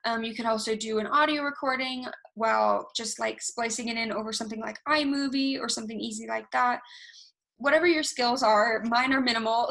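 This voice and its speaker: A young woman presenting a casual online workshop, talking fast and animated, recorded alone over a video call. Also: on the high side, creaky. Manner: self-described fast talker, animated, talks with hands. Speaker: university research workshop presenter. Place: alone, recording herself at a computer. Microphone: recorded through video call software.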